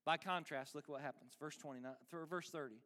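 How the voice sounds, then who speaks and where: A man preaching a sermon as pastor, emphatic and animated with dry humor. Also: fairly high pitch, a little fast. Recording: long reverb of a large hall.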